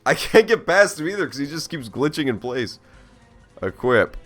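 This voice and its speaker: A man's voice: a little high, big pitch swings, moderate pace, fairly bright tone, soft background music. A man giving casual gameplay commentary on a stream, joking and swearing as he reacts aloud to the game. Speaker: let's play streamer.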